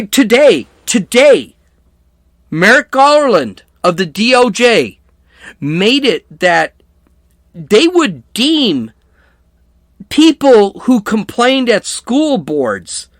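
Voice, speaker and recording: A man hosting a political podcast, ranting with anger and sarcasm and sometimes raising his voice to a shout. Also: sits high, dry recording, clean studio sound. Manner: angry, sarcastic, shouts at times.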